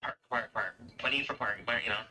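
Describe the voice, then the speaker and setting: A man's voice: on the low side, fast talker, a crowd in the background, rough recording. A man from Canada chatting casually, rambling and swearing as he rants about everyday costs. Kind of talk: casual chat.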